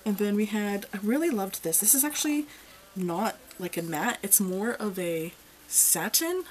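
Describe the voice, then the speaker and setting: A woman's voice: medium pitch, expressive, normal speed, rough recording. A young woman giving a casual makeup review in a blunt, chatty, exasperated way. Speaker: beauty reviewer.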